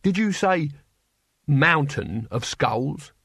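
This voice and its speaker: A man's voice: a little high, lively intonation, takes it slowly, fairly bright tone, breathy edge, no room sound, clean studio sound, heavily acted. A man voicing a blunt, grumbling old male barbarian. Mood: gruff.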